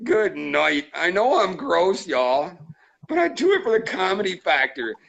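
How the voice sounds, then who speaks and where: A rowdy man tells a crude, joking story with no polish at all. His voice sits high and gravelly, with a sharp, bright edge. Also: big pitch swings, a little slow, dull audio. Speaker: trapping channel host. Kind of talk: casual storytelling.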